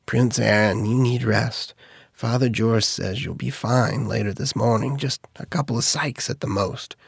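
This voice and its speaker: A man voicing a hushed, kindly cousin. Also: lowish voice, steady tone, unhurried, no echo, studio quality. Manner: hushed, confiding. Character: kindly male cousin attendant, quietly whispering.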